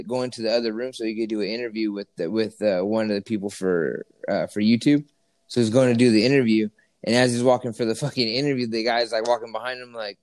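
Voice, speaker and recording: A man chatting casually with a friend, his speech crowded with fillers and curse words as he tells a story. His voice sits at a middle pitch. The recording is dry and close, with no room sound. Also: no echo. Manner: profane, animated storytelling with lots of fillers. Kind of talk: casual chat.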